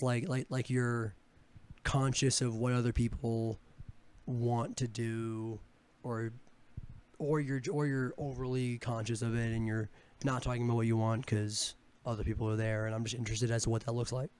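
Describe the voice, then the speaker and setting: Young male co-host with a sore throat, relaxed and curious, swears casually. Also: mid-range voice, moderate pace, clean tone. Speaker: podcast co-host. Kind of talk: casual chat.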